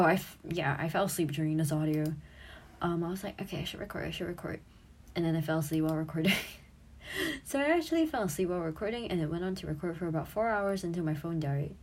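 A woman's voice: fairly low pitch, darkish tone. A woman in her twenties, an audio creator and streamer, chatting casually and giggling as she looks back on her old posts, swearing freely.

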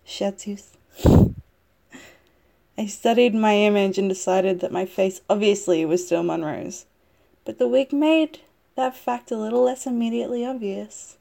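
A woman reading a first-person story aloud at a steady pace, now and then stumbling over a word and correcting herself. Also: medium pitch, moderate pace, gravelly. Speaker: story reader.

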